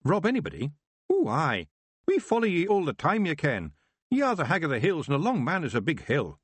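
A man's voice: on the high side, huge pitch swings, a little fast, husky, no room sound, pitched above the performer's own voice, heavily acted. A man voicing a tiny fierce male pictsie clan chief with a broad Scottish accent and a boisterous manner. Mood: eager.

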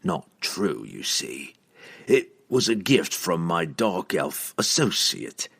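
A man voicing a cold, sneering male assassin who growls his threats slowly. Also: deep voice, very animated, vocal fry, a bit bright, breathy edge, exaggerated voice. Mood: mocking. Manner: growling, slow and menacing.

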